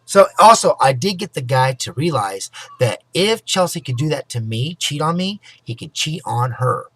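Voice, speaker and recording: A man vlogging a rambling personal story to his viewers, full of "you know" and "anyway," sometimes fast and loud. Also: mid-range voice, sing-song, slightly rough, no echo. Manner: talks fast and loud at times. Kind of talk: casual personal storytelling to camera.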